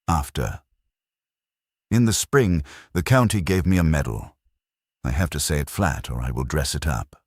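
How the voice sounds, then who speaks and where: A man with a remarkably low, heavy voice narrates a first-person horror tale. He speaks in a measured, somber, confessional way. The sound is dry and close, with no room echo.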